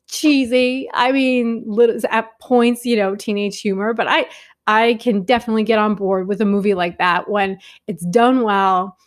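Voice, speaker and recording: A young adult woman talking casually and enthusiastically about films she watched, with many fillers and restarts. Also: mid-range voice. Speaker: film vlogger. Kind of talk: casual movie review talk.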